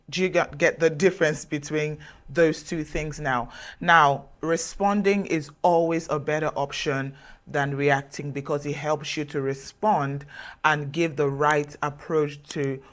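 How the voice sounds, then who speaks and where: An earnest woman gives motivational advice straight to the listener. She speaks in a measured way with emphatic pauses and keeps coaxing her audience to take her word for it. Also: low-pitched. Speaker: self-development speaker. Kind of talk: motivational advice talk to camera.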